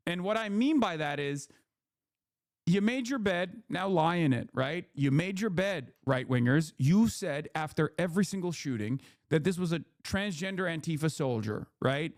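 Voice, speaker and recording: Fired-up profane male commentator, slightly high. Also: animated, normal speed, dry recording, clean studio sound. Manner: heated, profane, sarcastic rant. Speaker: political commentator. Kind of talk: casual livestream commentary.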